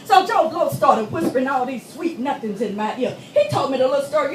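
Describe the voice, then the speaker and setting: A woman's voice: sits high, animated, fairly quick, hardly any pauses, a little hiss or hum. A woman performing a dramatic monologue in emphatic, conversational storytelling style at a church meeting. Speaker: stage performer. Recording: echoey hall, voice from a distance.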